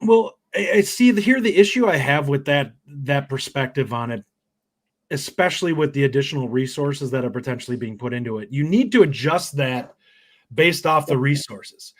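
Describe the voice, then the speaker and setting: A man's voice: medium pitch, moderate pace. A man co-hosting a sports podcast, talking casually and animatedly. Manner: animated, mimics voices in quoted asides. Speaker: podcast co-host.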